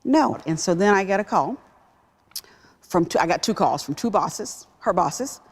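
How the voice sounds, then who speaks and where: A woman executive telling a personal story in a talk-show interview, emphatic and animated. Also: lowish voice, normal speed, husky. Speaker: guest, business executive.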